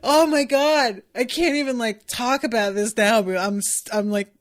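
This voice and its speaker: A young woman hosting a podcast, casually recapping an episode in an animated, giggly way. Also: fairly high pitch, moderate pace. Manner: giggly, animated storytelling with frequent laughter. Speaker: podcast host.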